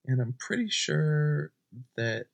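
A young man doing a deadpan comedy bit at home at night, rambling and often dropping to a whisper. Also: fairly high pitch, slow, creaky.

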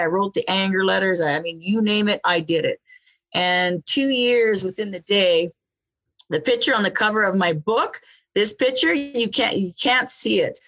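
A woman guest telling her life story in an interview, animated, often repeating words and laughing between phrases. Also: mid-range voice. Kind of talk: personal storytelling in conversation.

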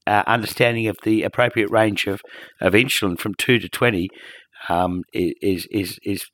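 A man's voice: on the low side, fairly even intonation, moderate pace, fairly bright tone, no echo, studio quality. A man co-hosting a podcast, chatting casually and commenting with a few hesitant restarts. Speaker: podcast co-host.

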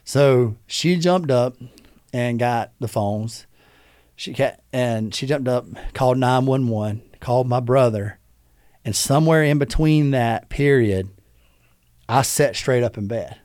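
A man's voice: medium pitch, unhurried, darkish tone, dry recording, studio quality. A man guest on a podcast, telling an emotional personal story in an earnest way and acting out the voices of the people he quotes.

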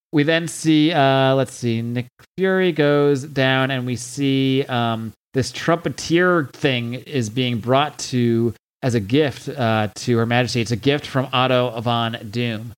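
A man's voice: mid-range voice, slow, clean tone. A man hosting a podcast, casually recapping a comic story and reading out its dialogue in loose voices, with frequent swearing. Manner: chatty, swears, acts out quotes loosely.

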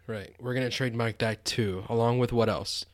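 A man's voice: medium pitch, fairly even intonation, brisk, no room sound. A man co-hosting a fantasy football podcast in casual chat, teasing and laughing often. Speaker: podcast co-host.

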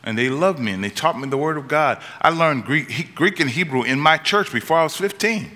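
A man preaching a sermon, telling stories and rising to urgent, high-pitched climaxes. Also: expressive, a little fast, bright, forceful tone. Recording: long reverb of a large hall.

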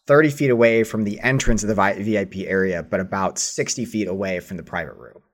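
A man's voice: lowish voice, fast talker. A man narrating as game master in casual, hesitant speech full of fillers.

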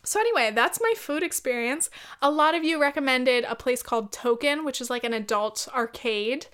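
Smooth-voiced woman telling a casual story. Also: sits high, lively intonation, normal speed, a bit bright. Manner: blunt, profane, laughs often. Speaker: podcast host.

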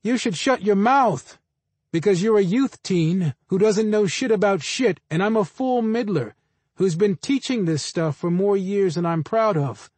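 Guy voicing a bored snippy middle-aged teacher, kinda high voice, storybook read. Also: lively intonation, measured pace, a little mellow, no echo. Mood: bored scorn. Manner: blunt, condescending lecturing.

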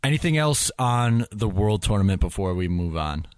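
A man's voice: lowish voice, very animated, moderate pace, darkish tone, clear, resonant tone, dry recording, clean studio sound. A man hosting a casual sports podcast, laid-back and joking as he moves the talk from topic to topic. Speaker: podcast host.

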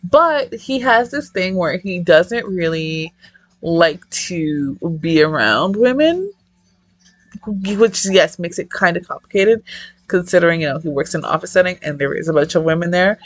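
Excitable, foul-mouthed young woman. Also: fairly low pitch, unhurried, no echo. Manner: excitable, profane, rambling. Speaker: manga reviewer. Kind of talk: casual chat.

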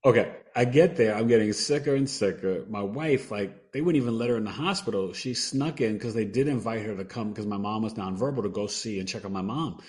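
A man's voice: on the low side, a little fast, hardly any pauses, darkish tone. A man who is a podcast guest, telling a personal story earnestly and acting out what people said. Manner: earnest, acts out quoted dialogue, trails off and restarts.

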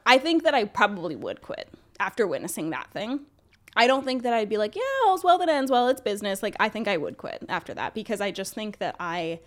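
Woman cohosting a podcast, rambly and sweary, just chatting. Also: medium pitch. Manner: profane, rambling, animated. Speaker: podcast co-host. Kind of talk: casual chat.

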